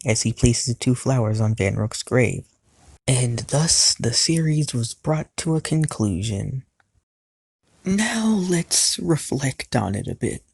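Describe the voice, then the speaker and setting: A man's voice: medium pitch, gravelly, slightly rough, no room sound. A man narrating a recap of a cartoon series as a YouTube reviewer, playful, with jokey asides to the viewer. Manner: grows louder and more animated in the climax.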